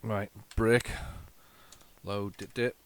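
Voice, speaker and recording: A man's voice: on the low side, level tone, extremely slow, slight background noise. A man hosting a retro computing video, chatting casually and rambling to viewers as he tests old tapes. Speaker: retro computing channel host.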